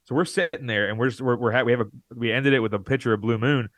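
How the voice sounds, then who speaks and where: A man's voice: mid-range voice, fast, no echo. Man telling a rambling story, dry sound. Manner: rambling, animated, acts out quoted lines. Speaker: podcast co-host. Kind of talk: casual storytelling chat.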